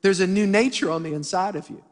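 High-voiced pastor in a reverberant church. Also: male voice, fast talker. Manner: animated, humorous storytelling with voiced asides to the congregation. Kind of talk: sermon with storytelling. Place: church sanctuary. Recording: church hall with long reverb.

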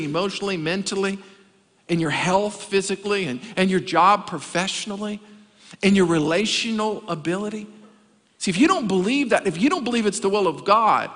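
A pastor man preaches with a high, bright, lively voice and tells stories with humorous asides. His voice rings with the long reverb of a big church hall. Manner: animated storytelling with comic asides. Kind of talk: sermon. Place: church sanctuary.

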